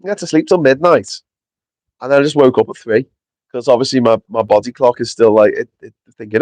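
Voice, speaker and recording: A man's voice: medium pitch, a little fast, a little mellow, no echo. Sweary man on a live stream. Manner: chatty, sweary, reads viewers' comments aloud. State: short on sleep. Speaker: livestream host. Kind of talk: casual live-stream chat. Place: outdoors in the wind. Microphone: small clip-on mic with foam.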